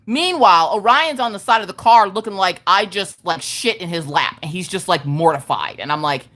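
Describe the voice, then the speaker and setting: A woman in her thirties with a twang spins a story for her livestream chat. Her pitch swings up and down all the time, and she talks in a loud, emphatic way, often cursing. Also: moderate pace. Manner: animated, profane, emphatic storytelling. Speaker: craft livestream host.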